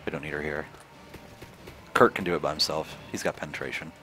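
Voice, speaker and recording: A man's voice: a bass voice, fairly even intonation, a little fast, music in the background. A man narrating his strategy game run in casual let's play commentary, swearing, trash-talking enemy units and laughing at his own jokes. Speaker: gamer.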